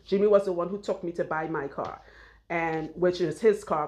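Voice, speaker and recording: A woman's voice: lowish voice, normal speed. Chatty woman. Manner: chatty, rambling, laughs often. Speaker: loctician and vlogger. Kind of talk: casual chat while getting her hair done. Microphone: clip-on mic.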